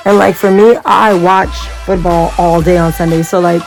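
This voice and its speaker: A woman's voice: fairly low pitch, steady tone, normal speed, vocal fry, soft background music, low-quality recording. A woman chatting casually and rambling through a makeup tutorial, talking straight to her viewers as y'all. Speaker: makeup vlogger.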